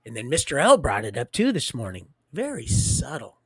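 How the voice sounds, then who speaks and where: A man's voice: medium pitch, huge pitch swings, normal speed, fairly bright tone, slightly rough, no room sound, clean studio sound. A man hosting a livestream, rambling and preachy, talking straight to his viewers. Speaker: livestream host.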